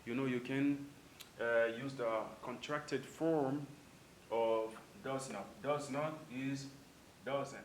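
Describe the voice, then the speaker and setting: A native Spanish speaker teaches a casual bilingual English lesson, repeating every example sentence. His mid-range voice is slow and steady, recorded in an echoey room with faint background noise.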